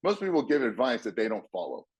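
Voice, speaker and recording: Husky, blunt motivational man. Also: medium pitch, big pitch swings, quick pace. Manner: blunt, swears freely, acts out quoted voices. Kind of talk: casual motivational talk.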